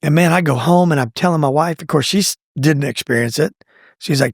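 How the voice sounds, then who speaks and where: A middle-aged man telling his own faith testimony in a conversational, animated way, acting out what people said. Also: brisk, slightly rough, no room sound, clean studio sound. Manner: animated, acts out quoted lines with pitch jumps. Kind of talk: conversational storytelling.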